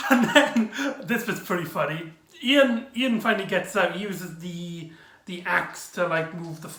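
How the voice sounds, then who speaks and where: Man, casual episode review, excitable rambling retelling, bright high voice, echoey room.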